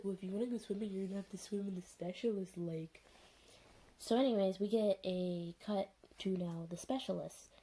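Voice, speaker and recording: A woman's voice: medium pitch, mellow. A woman casually recapping a TV episode, sarcastic and exasperated, full of "like" and "um". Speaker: TV episode reviewer.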